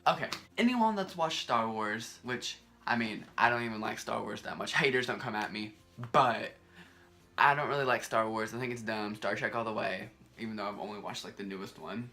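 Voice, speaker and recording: A young man, talking casually and rambling to camera in a vlog, often exasperated and animated. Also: on the low side, normal speed, faint music behind. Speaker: vlogger.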